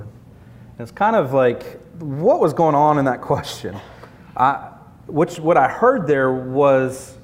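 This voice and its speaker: A man's voice: expressive, normal speed, a little mellow. A man preaching a sermon in an earnest, conversational way, building points through repetition. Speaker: pastor. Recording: long hall reverb, faint rumble.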